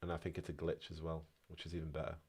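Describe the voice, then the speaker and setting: A man's voice: rumbling low, completely flat delivery, racing, darkish tone, slightly rough. A man with a Yorkshire accent chatting casually while streaming a game and reading chat aloud. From North Yorkshire, England. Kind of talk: casual gaming commentary.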